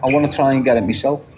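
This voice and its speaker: A man's voice: mid-range voice, noisy background. A middle-aged man with a Liverpool accent talking bluntly and candidly to his viewers, swearing freely as he answers their questions. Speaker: channel host answering viewers. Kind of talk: candid casual monologue.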